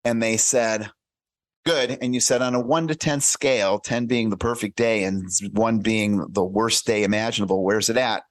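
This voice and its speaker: A man speaking as a coach in a casual podcast interview, animated and acting out little dialogues, with many restarts and repeated words. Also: on the low side, normal speed, no room sound. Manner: animated, acts out little dialogues in shifting voices. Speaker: career and life coach guest.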